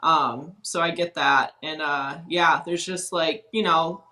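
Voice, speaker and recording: A woman's voice: low voice, steady tone, takes it slowly, bright, forceful tone, rough recording. A woman talking as a guest on a podcast, a former reality-show contestant speaking frankly in a chatty, casual way, with a lot of "like".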